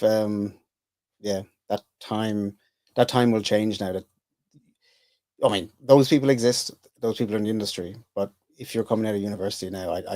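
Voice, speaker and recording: A man's voice: fairly low pitch, dark tone, no room sound. A middle-aged Irish man chatting as a podcast guest, rambling and self-interrupting with dry humour. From Ireland. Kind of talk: casual interview chat.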